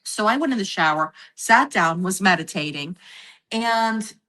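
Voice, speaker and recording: A woman's voice: medium pitch, expressive, measured pace, bright, forceful tone. A woman telling a personal story in a casual podcast chat, acting out the voices of the people she quotes. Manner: acts out quoted voices, laughs while telling. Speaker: psychic medium guest.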